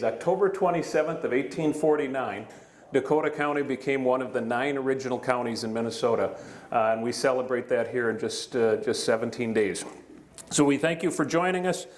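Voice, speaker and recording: A middle-aged man giving a county address to a live audience in a large hall, in a folksy, joking, conversational way. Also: medium pitch. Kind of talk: public speech with jokes. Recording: echoey hall with faint room noise.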